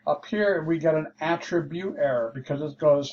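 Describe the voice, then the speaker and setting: A man teaching a programming lesson, walking through code slowly and thinking aloud as he explains. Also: fairly high pitch, a little mellow. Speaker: programming instructor. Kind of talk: screen-share coding lesson. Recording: dull lo-fi mic with faint hiss.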